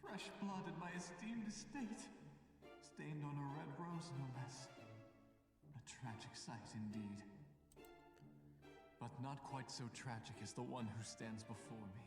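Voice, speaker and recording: A man's voice: mid-range voice, measured pace, pauses often, natural voice. A man voicing a courtly ghost lord of an old mansion, speaking in a formal, old-fashioned, tender way. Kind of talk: visual novel voice acting. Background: music.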